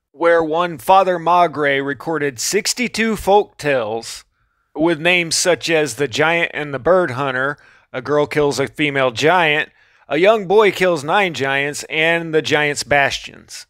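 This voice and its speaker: A man's voice: on the high side, fairly bright tone, dry recording, studio quality. A man casually narrating a video, with offhand, sarcastic asides.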